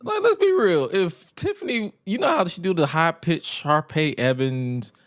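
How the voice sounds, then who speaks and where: A man co-hosting a casual wrestling podcast, wry and joking, acting out quotes in a lower voice. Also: sing-song, moderate pace, no echo, clean studio sound. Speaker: podcast co-host. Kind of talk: casual chat.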